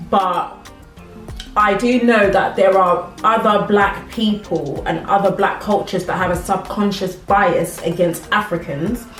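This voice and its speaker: Here the British-born vlogger speaks in a mid-range voice, picked up far from the mic. She's young and chatty, eating while talking to camera and laughing a lot during this casual mukbang, with faint music in an echoey room.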